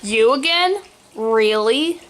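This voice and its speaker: A woman's voice: on the high side, expressive, takes it slowly, fairly bright tone, slight background noise. A woman reading a storybook aloud and voicing a cranky middle-aged man who has been turned into a talking swan. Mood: grudging. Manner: cranky, complaining.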